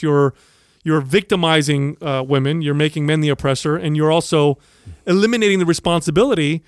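A man's voice: fairly high pitch, brisk, clean tone, no echo, studio quality. A man co-hosting a podcast, telling a story in casual chat and acting out the people he quotes. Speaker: podcast co-host.

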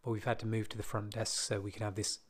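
A man casually telling a personal story from his school days, with relaxed, self-deprecating asides. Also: on the low side, quick pace.

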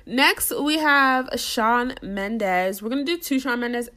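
A woman's voice: fairly high pitch, slow, sharp tone. A young woman co-hosting a casual album-ranking chat, gushing and laughing often.

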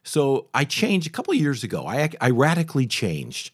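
Animated man in his sixties, dry. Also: mid-range voice, moderate pace, husky, no room sound. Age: 60s. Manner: chatty, animated, frequent restarts and asides. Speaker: radio talk show host. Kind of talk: casual storytelling monologue.

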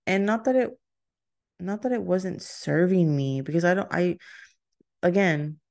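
A young Texan woman hosts her own solo podcast, chatting in a loose, rambling way with easy laughter and frequent self-interruptions. Her low voice picks up a gravelly fry at the ends of phrases, and her delivery is unhurried and a little mellow.

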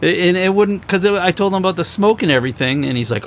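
A young man hosting a podcast, telling road stories in a casual, animated way and acting out other people's lines. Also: fast, slight background noise. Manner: animated storyteller, acts out quoted people in higher voices. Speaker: podcast host. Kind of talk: casual storytelling chat.

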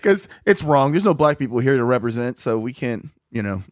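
A man's voice: medium pitch, sing-song, fairly quick, no echo, studio quality. A man in casual chat who laughs easily, stammers a little and pokes fun at himself.

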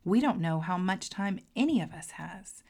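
A woman hosting a podcast as a coach, talking to listeners in an earnest, heartfelt way and sometimes dropping to a soft near-whisper. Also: lowish voice, animated, normal speed, gravelly. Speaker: podcast host and marketing coach. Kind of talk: casual podcast monologue.

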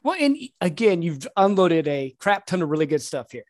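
A man's voice: on the high side, big pitch swings, a little fast, dry recording. A man hosting a casual podcast interview, affirming his guest and asking reflective questions. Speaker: podcast host, sales professional.

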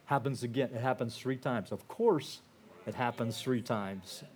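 A man's voice: mid-range voice, a little slow. Older man telling an earnest church testimony. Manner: conversational and storytelling, with frequent "you know" and restarts; earnest and emotional, dropping softer at heavy moments. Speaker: guest speaker sharing his testimony. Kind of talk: personal testimony told to a church audience.

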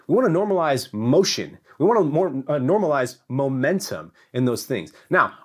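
A man teaching a sermon to his church, preaching emphatically with repetition and swings between loud peaks and hushed lows.

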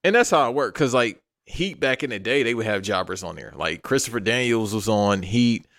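A blunt, opinionated man with a low voice, cursing freely as he holds forth in casual talk. The sound is dry and close, with no room echo. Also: lively intonation, fairly quick, creaky, fairly bright tone. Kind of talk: casual wrestling chat.

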